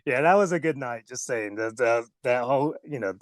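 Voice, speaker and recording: A man's voice: medium pitch, fairly quick, dry recording. A man with a slight Southern US accent, a former wrestler telling rambling stories in an interview, often laughing and acting out voices. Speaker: former pro wrestler guest. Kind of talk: casual storytelling interview.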